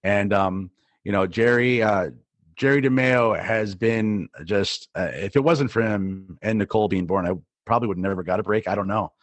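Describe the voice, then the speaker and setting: A middle-aged man from New Jersey tells stories on a podcast in a low voice. He wanders and restarts, with plenty of fillers. The recording is dry and close. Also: normal speed, no room sound. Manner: rambling, many fillers and restarts. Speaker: podcast co-host, DJ. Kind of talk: casual storytelling.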